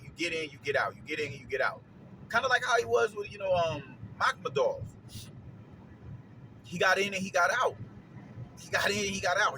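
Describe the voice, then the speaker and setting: A man gives a casual, profane fight breakdown and keeps repeating phrases as he winds himself up. His voice is bright and forceful. A faint noise hum sits under the recording. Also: a little high. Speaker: boxing commentator, show host.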